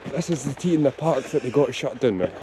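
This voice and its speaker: A man's voice: medium pitch, fast talker. Man chatting off-camera outdoors. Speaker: vlogger's companion. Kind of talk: casual chat. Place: outdoors at a campsite festival. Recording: outdoor camera audio with steady noise.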